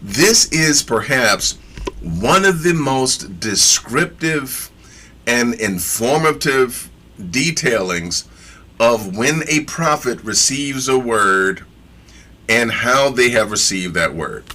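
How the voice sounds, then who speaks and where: Bright-voiced man teaching scripture. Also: medium pitch, animated, slow. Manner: reads scripture aloud and comments with slangy asides; emphatic, repeats phrases for effect. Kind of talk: casual sermon teaching.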